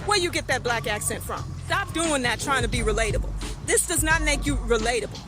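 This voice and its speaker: A woman's voice: sits high, animated, fairly quick, over music. A woman delivering a scolding, lecturing rant aimed directly at her target. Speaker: political commentator.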